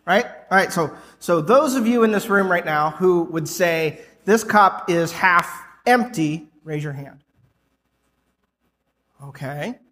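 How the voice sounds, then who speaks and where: A man's voice: high voice, lively intonation, takes it slowly, sharp tone. A man preaching a sermon to his congregation in a loose, conversational way. He fills his talk with "like" and "right?". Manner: casual, rambling, full of "like" and "right?". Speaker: pastor. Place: church hall with a congregation. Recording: long reverb of a church hall.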